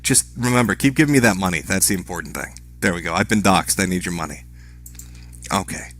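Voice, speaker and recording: A man streaming live, talking in a sarcastic, deadpan way and swearing a lot while he begs mockingly. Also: low voice, quick pace. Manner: sarcastic, deadpan mock begging, heavy swearing. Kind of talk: livestream commentary.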